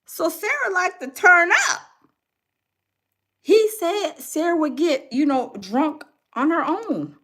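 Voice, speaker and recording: A woman hosting a gossip reaction show, animated and laughing as she talks straight to her viewers. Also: very high voice, slow. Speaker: commentary host.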